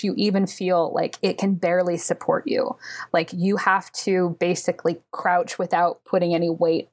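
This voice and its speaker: A woman running a tabletop role-playing game, narrating descriptively with many fillers. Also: on the low side. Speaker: game master.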